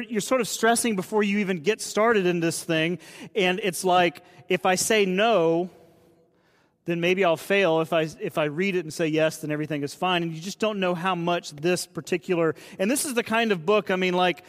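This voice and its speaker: Male pastor, late 30s, chatty storytelling sermon, voice a touch high, hall reverb. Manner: conversational storytelling, asks the audience questions.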